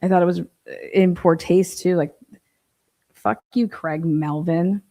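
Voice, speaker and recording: A woman's voice: lowish voice, fairly even intonation, unhurried, mellow, dry recording. A woman hosting a livestream, reacting crudely and sarcastically to a TV clip, swearing and laughing often. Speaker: livestream host. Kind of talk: casual reaction commentary.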